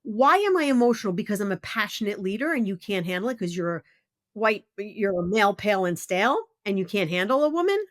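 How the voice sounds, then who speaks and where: Middle-aged woman hosting a podcast, blunt and swears a bit, pitch swings up and down a lot, dry close mic. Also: animated, brisk, dry recording. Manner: blunt, emphatic and profane. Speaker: podcast host. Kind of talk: casual interview chat.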